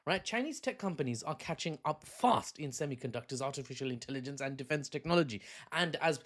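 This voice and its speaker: A man's voice: fairly high pitch, expressive, fast, fairly bright tone. A man giving a casual, rambling news commentary, cracking jokes and laughing at his own asides.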